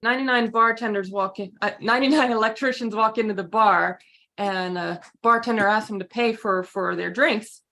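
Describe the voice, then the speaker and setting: Female improv player, mid-pitched, plain and slightly hesitant. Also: normal speed, bright, forceful tone. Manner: plain, slightly hesitant delivery of pun jokes. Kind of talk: casual joke telling.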